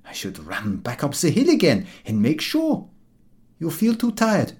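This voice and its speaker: A proud, self-satisfied cart dog scolds and boasts in an audiobook, voiced by a male reader. His pitch leaps high and drops low as he lectures, full of his own importance. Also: wildly swooping pitch, a little slow, darkish tone. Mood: scolding. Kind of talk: audiobook character voice.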